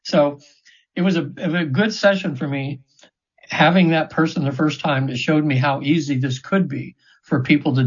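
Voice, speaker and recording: A man in his seventies, a trance session practitioner, is a guest in an interview, telling casual stories earnestly and ramblingly with many restarts. His voice is a little high with a breathy edge, and the audio is dull and slightly lo-fi.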